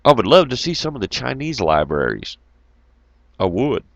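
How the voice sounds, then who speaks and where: A man's voice: medium pitch, normal speed, creaky, dry recording, dull audio. A man rambling through a casual monologue, swearing freely and laughing as he tells stories. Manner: profane, laughing, animated storytelling.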